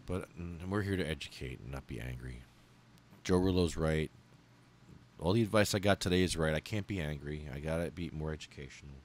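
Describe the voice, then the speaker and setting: A man hosting a podcast, reading out a memorial list in a heartfelt, angry way, swearing and pausing as he falters. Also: a bass voice, slight background noise. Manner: heartfelt, angry and profane, with halting pauses. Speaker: podcast host.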